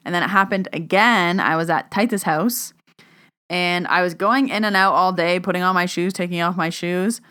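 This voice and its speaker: A young woman hosts her own podcast, chatting casually into a podcast microphone. Her voice sits a little low for a woman. She tells stories in a chatty way, says "like" a lot, and acts out both sides of every conversation. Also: moderate pace, pushed and bright, clean tone. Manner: chatty storyteller, acts out dialogue, says "like" often. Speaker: podcast host and medium. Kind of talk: casual solo podcast chat.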